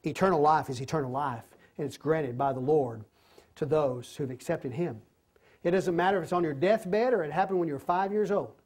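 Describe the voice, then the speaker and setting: A man teaching a Bible study, retelling the story with animated, repeated emphatic phrases. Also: fairly high pitch, breathy edge. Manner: softer, slower closing prayer.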